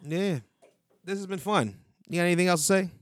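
A man's voice: high-pitched, a little fast. A man co-hosting a podcast in loose, profane banter. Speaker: podcast co-host. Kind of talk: casual chat.

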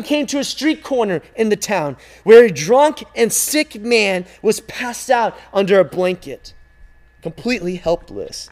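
A man tells a story at an unhurried pace with a high, lively voice. He swings from loud calls to hushed, near-whispered lines and draws every phrase out for effect. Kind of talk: dramatic storytelling.

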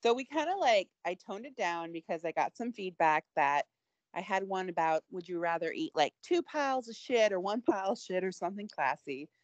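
A woman co-hosting a casual podcast, her voice lower than most and swinging widely in pitch as she rambles and giggles at herself. The sound is dry and close, with no room around it. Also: big pitch swings, fairly quick, dry recording, lo-fi sound. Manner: giggly, rambling, self-deprecating. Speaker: podcast co-host. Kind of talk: casual chat.

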